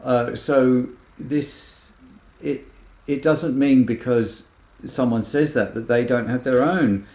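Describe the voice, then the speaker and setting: Gentle-voiced man in an echoey room. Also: mid-range voice, slow pace. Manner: gentle, acts out quoted remarks in other voices. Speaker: podcast co-host. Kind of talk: casual reflective chat.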